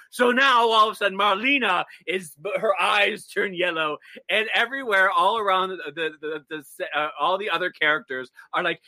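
Male co-host, gossipy storyteller, bright and sharp tone. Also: sits high, moderate pace, hardly any pauses, no room sound. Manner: gossipy, excitable storytelling with acted-out quotes. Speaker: podcast co-host. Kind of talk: animated casual chat.

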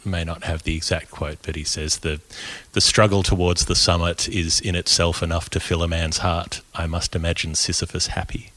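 A man hosting a podcast in casual chat, measured, wry and thoughtful. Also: low-pitched, level tone, pushed and bright, no echo. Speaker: podcast host.

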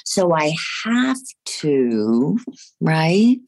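Very low-voiced woman guest, expressive. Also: drawn-out words, gravelly. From New Jersey. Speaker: actress, guest. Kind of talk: casual interview chat.

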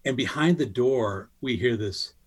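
A middle-aged man telling a lively story in casual chat, acting out what people said in a higher voice. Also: measured pace, breathy edge. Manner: animated, acts out quotes in a higher voice. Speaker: guest storyteller. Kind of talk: casual anecdote on a podcast.

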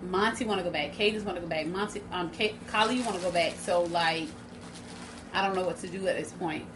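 A woman's voice: lowish voice, brisk, background noise. A woman in her thirties with a Southern American accent, hosting a casual live stream and chatting directly to her viewers.

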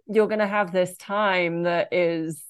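A woman's voice: fairly low pitch, steady tone, slow pace, clean tone. A British woman in her forties, a guest chatting casually over a video call in a rambling way. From Great Britain. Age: 40s. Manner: rambling, chatty, wandering sentences.

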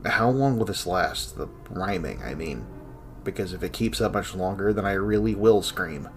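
A man's voice: low-pitched, animated, normal speed, soft background music. An actor playing a weary, sarcastic male scholar who works alone in an archive, talking with a dry, irritable edge. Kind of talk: audio drama acting.

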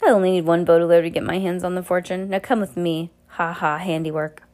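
A greedy, cruel villain sneers and mocks his captives, breaking into little giggled asides, as a woman reading a storybook aloud puts him on. The voice sits rather low for a woman's range. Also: little pitch movement, fairly quick, darkish tone, lightly acted. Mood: sneering. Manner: giggling "tee hee" asides, mocking.

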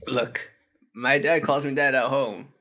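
Man voicing a smart-mouthed schoolboy, bright lively tone, slow delivery. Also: medium pitch. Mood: cheeky. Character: cheeky troublemaking schoolboy son.

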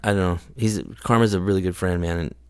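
A laid-back man in a casual conversation, rambling through his stories with slangy asides. His voice sits fairly low, and the sound is dry and close, with no room around it. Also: steady tone, quick pace, clear, resonant tone, no echo. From California. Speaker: skate photographer guest. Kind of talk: casual chat.

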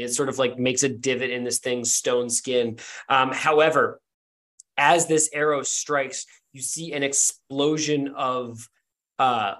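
A man's voice: mid-range voice, fairly bright tone. A man narrating as game master in a casual, rambling way with many fillers.

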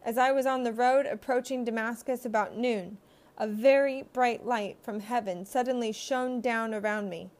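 A woman giving a measured, earnest scripted Bible reading. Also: fairly high pitch, steady tone, darkish tone. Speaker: scripture reader.

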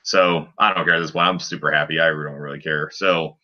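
A man's voice: very deep voice, fairly even intonation, a little fast, sharp tone, lo-fi sound. A man on a casual sports podcast, recapping a game in a rambling way with lots of fillers. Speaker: podcast co-host.

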